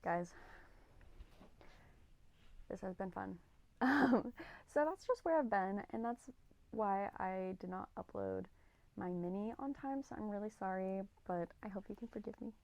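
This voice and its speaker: A woman's voice: medium pitch, animated, a little slow, long pauses, darkish tone, no room sound. Gushing, rambly young woman host. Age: 20s. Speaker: podcast co-host. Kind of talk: casual solo podcast chat.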